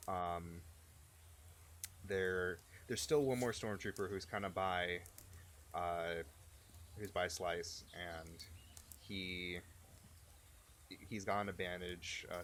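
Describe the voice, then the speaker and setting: A game master narrating a tabletop game in a deep voice, slow and hesitant with many fillers. A faint hiss sits behind the voice. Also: male voice, fairly even intonation, a bit bright.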